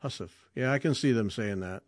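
A man's voice: medium pitch, animated, moderate pace, no echo. Chatty male podcast host, dry sound. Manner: chatty, enthusiastic, joking. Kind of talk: casual interview chat.

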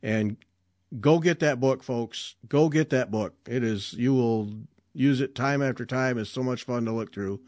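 A man's voice: medium pitch, unhurried, darkish tone, no echo, clean studio sound. A man hosting a needlework podcast, chatty and enthusiastic, joking with his guest. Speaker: podcast host. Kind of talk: casual interview chat.

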